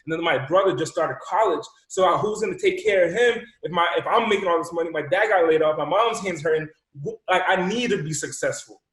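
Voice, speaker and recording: A man from Rhode Island, an entrepreneur and speaker telling a personal story in an animated way, acting out the dialogue and repeating words. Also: sits high, a little fast. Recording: echoey room.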